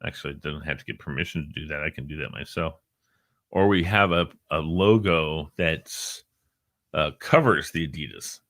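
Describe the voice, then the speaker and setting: A man's voice: a bass voice, moderate pace, a bit bright, no room sound, clean studio sound. A middle-aged man hosting a live online show, chatting casually, joking and reading out viewers' names. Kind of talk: casual live-stream chat.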